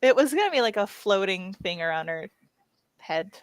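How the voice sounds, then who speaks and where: A woman co-hosting a casual art podcast, playful and quick to laugh while she draws. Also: mid-range voice, sing-song, clear, resonant tone, dry recording. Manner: playful, laughs often, teasing. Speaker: podcast co-host. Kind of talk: casual chat while drawing.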